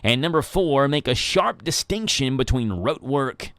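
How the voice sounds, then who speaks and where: Chatty and methodical, this morning radio host lays out his thoughts as a numbered list while talking casually from the studio. He has a mid-range, fairly bright voice with lively intonation and a measured pace. The studio mic gives a dry recording.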